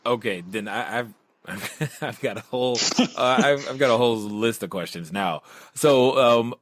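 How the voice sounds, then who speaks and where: A man's voice: mid-range voice, measured pace, dry recording, clean studio sound. A man hosting a podcast interview, interjecting eagerly and laughing between his questions. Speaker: podcast host.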